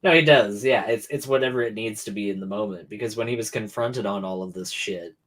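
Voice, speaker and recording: A man's voice: lowish voice, brisk, a bit bright. A man co-hosting a casual reaction chat, sarcastic and argumentative, often laughing. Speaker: co-host reacting to a documentary.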